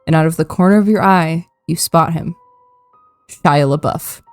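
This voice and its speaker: A young woman hosting a casual podcast, giggling often and filling pauses with ums. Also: sits low, clear, resonant tone, no room sound, faint music behind. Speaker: podcast host.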